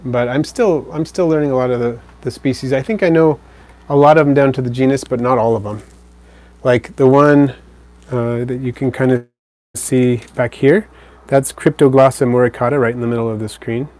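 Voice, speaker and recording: A man hosting a live stream, casually answering viewer comments in a relaxed, rambling way. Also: mid-range voice, moderate pace. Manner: relaxed, rambling, with fillers and self-corrections.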